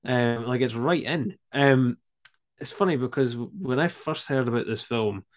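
Casual male podcast guest, thirties, animated and sweary, middle pitch. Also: moderate pace. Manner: animated storyteller, swears, many fillers. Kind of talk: casual chat.

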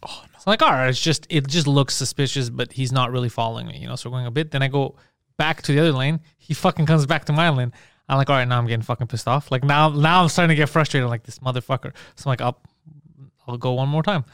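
A man co-hosting a casual comedy podcast rattles off stories at a rapid clip, full of swearing and laughter. His voice is smooth and crisp, a little above average in pitch, and recorded dry and close on a studio mic. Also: a bit bright, dry recording. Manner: fast, profane storytelling with laughs. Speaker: podcast co-host.

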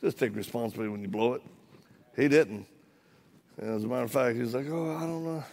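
A former Marine, speaking as a guest preacher before a live church audience, tells a funny story in his sermon and acts out the dialogue. He talks fast at a medium pitch with a darkish tone.

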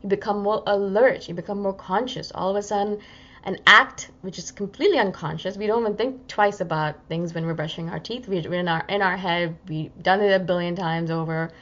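A woman's voice: medium pitch, a little fast, fairly bright tone. A woman talking through a casual reflective podcast monologue, chatty and acting out inner voices. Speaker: self-help podcaster. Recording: slightly dull lo-fi audio.

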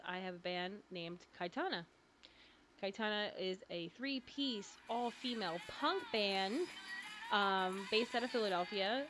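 A young woman co-hosting a podcast in casual chat, rambling and laughing often. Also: mid-range voice. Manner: giggly, rambling with frequent ums. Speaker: podcast co-host.

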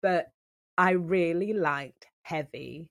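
A woman DJ chatting as a podcast guest, telling stories with lively asides. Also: on the low side, takes it slowly, dry recording. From United Kingdom. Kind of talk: casual chat.

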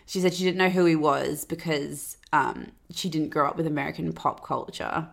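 A low-voiced woman hosts a casual podcast, dishing gossip with chatty sarcasm. She fills her sentences with "like". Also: normal speed, vocal fry. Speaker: podcast host.

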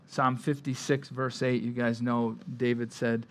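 A man pastor preaching a Bible-study sermon in a conversational way, dropping quiet on somber lines and rising on emphasis. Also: level tone, a little slow, few pauses. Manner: conversational preaching, with frequent "like" and "right?" asides and repeated words; drops his voice low and quiet on somber lines, rises louder on emphasis.

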